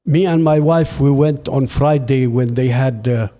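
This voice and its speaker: A man in his eighties from Palestine with an Arabic accent, telling earnest, animated stories in broken English as a podcast guest. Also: mid-range voice, measured pace. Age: 80s. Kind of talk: storytelling interview.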